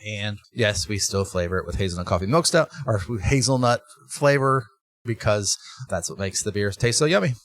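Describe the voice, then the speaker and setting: A man who owns a brewery, talking in a casual interview and telling animated stories with lots of restarts. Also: on the low side, moderate pace, no room sound, studio quality. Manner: animated storytelling with laughs and restarts. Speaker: brewery owner, guest.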